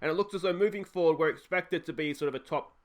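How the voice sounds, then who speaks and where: A man's voice: fairly high pitch, fast talker. A man hosting a casual gaming video, chatty and self-mocking, with lots of fillers. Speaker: let's play host. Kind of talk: gaming commentary with playful role-play.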